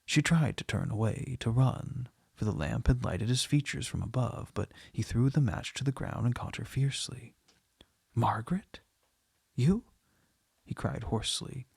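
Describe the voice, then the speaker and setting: A man with a husky, gravelly voice reading a short story aloud in a measured, unhurried way. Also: mid-range voice, darkish tone, no echo, clean studio sound. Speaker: reader.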